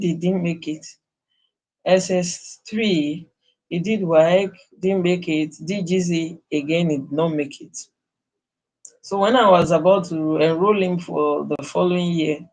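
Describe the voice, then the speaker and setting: A woman's voice: lowish voice, a little mellow. Earnest middle-aged Nigerian woman storyteller. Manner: earnest, emphatic, conversational. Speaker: nurse sharing her life story. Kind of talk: personal storytelling.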